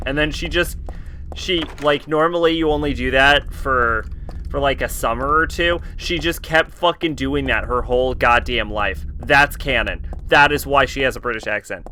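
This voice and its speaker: A man's voice: mid-range voice, normal speed, sharp tone, slight background noise. A man streaming a horror game, giving casual, rambling commentary that is profane and joking.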